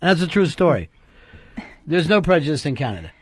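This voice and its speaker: A man's voice: a little high, big pitch swings, brisk, breathy edge, no room sound. A man hosting a radio show, teasing guests with provocative jokes in casual banter.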